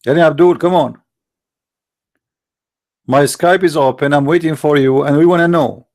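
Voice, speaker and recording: At a moderate pace and a fairly high pitch, a man hosting an online stream takes on callers. Through his computer mic he delivers a mocking, polemical monologue, tossing sarcastic, taunting rhetorical questions at his opponents.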